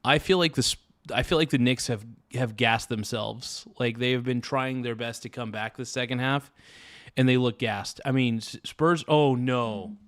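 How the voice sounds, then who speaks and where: A man live-streaming, chatting casually and giving an excitable, frustrated play-by-play with frequent swearing. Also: mid-range voice, normal speed.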